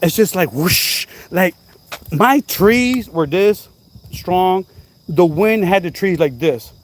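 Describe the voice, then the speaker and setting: High-voiced man telling a storm story. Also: slow pace, a little hiss or hum. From New Jersey. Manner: animated, repetitive, exclaiming. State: coughing now and then. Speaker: channel host. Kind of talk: casual storytelling vlog. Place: outdoors at night by a house.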